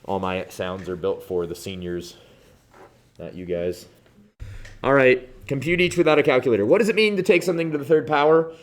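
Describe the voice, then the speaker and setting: A man with a Midwestern accent, teaching a math review lesson in a classroom, animated and joking as he talks through each step. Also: medium pitch, a little fast. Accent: Midwestern American. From Midwestern United States.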